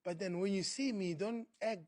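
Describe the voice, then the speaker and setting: A South African man, a podcast guest, telling an animated story and acting out other people's lines. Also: sits high, normal speed, no room sound. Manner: acts out other people's voices, laughing while telling. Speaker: interview guest.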